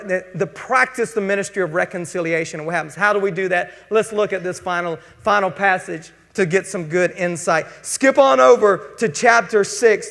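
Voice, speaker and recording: A man's voice: high voice, creaky, a bit bright. A man preaching a sermon as pastor, mixing scripture readings and spoken prayers with casual asides. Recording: long hall reverb.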